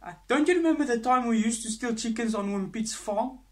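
A man playing a pushy, loud South African cousin in a comedy sketch, rambling and blustering with a South African accent. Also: extremely high pitch, a little fast, pitched above the performer's own voice.

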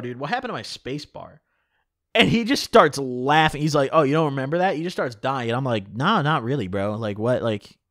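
A man's voice: on the high side, no echo, studio quality. A young man telling a personal story on his vlog in a casual, slangy way, swearing freely. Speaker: vlogger. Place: home room.

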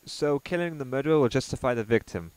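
A man's voice: mid-range voice, expressive, quick pace, a little mellow, smooth, low-quality recording. A young Welsh man with a Welsh accent giving sarcastic, swear-filled commentary on a video he is reacting to. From Wales.

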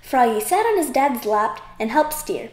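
A woman reading a children's picture book aloud, expressive and sing-song. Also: a little high, normal speed, echoey room. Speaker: audiobook reader. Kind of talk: children's story read aloud.

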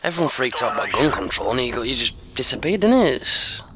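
A man's voice: mid-range voice, animated, fast, a little hiss or hum. A man hosting casual gameplay commentary with a friend, swearing a lot and joking. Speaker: gaming channel host. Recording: game gunfire loud under the voice.

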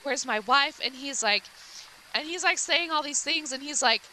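A woman streamer recounts a game's plot in a loose, rambling way, full of likes and false starts. Her voice is bright and sits a little high, with a faint hiss in the background. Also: moderate pace, low-quality recording. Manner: rambling with many likes and restarts. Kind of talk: casual retelling of a game story.

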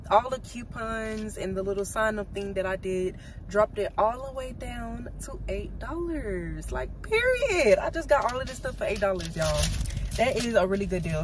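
A young adult woman with a Southern American accent chats casually to her camera as a vlogger, addressing her viewers as y'all. Her voice is mid-range, and there's background noise in the recording.

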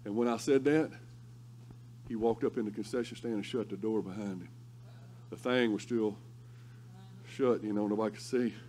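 A male pastor preaching a sermon through lively, humorous storytelling. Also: on the low side, slight background noise. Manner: animated, humorous storytelling with laughter.

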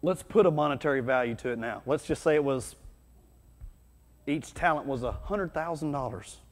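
A man preaching a sermon as pastor, conversational and energetic, with sudden loud bursts. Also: medium pitch, normal speed, faint music behind. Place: church hall. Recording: long hall reverb.

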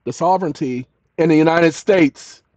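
A man hosting his own channel, talking straight to viewers in an emphatic monologue that swings between loud and hushed. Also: on the high side, moderate pace, no echo. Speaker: channel host. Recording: dull lo-fi, dry sound.

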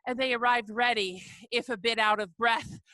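A woman's voice: a little high, steady tone, normal speed, sharp tone, no echo. Woman reading her poetry aloud. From not from the South. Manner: rhythmic chanting of long lists, rising to emphatic refrains. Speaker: poet. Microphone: video call.

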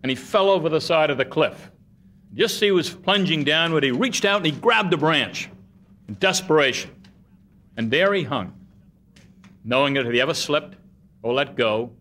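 A man delivering a formal state budget address in an auditorium, measured and oratorical, with a light humorous touch. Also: on the high side, lively intonation, sharp tone. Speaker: governor. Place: museum auditorium.

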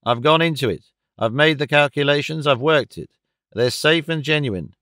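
A man's voice: on the high side, a bit bright, clear, resonant tone, no echo, studio quality, close to an everyday voice. A man voicing a blunt, snorting male rent collector who speaks in short, emphatic bursts. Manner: terse, brisk and emphatic.

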